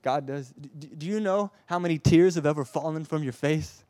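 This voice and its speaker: A man preaching a sermon with passion, swinging from loud urging to a soft hush and often stammering and repeating words. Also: fairly high pitch, a little fast, no echo, studio quality.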